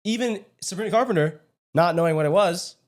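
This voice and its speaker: A young man co-hosts a casual podcast. He delivers his remarks in a dry, sarcastic manner, with a relaxed conversational tone. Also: sits high, fairly quick. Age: young adult. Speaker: podcast co-host. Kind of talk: casual political podcast chat.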